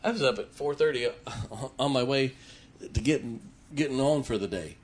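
A man's voice: mid-range voice, normal speed, slightly rough. A man preaching a sermon, telling stories and acting out the voices of the people in them. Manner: animated storytelling, acts out quoted voices. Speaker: pastor.

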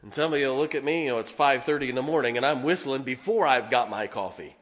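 A man preaching as a Baptist pastor, telling animated personal stories and asking his congregation to listen up. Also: mid-range voice, fast talker. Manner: animated storytelling, keeps asking the congregation "can I tell you something". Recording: long reverb of a large hall.

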